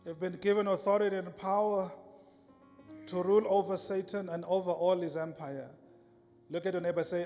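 High-voiced man preaching with emphasis. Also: fairly even intonation, normal speed, in a large hall, faint music behind. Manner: emphatic, repetitive, rising to shouts. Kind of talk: sermon. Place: church.

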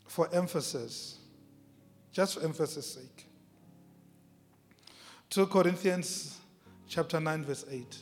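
High-voiced man preaching in a hall. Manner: emphatic preaching, repeating key phrases, drawn-out words. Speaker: pastor. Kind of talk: sermon. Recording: long reverb of a large hall, faint music.

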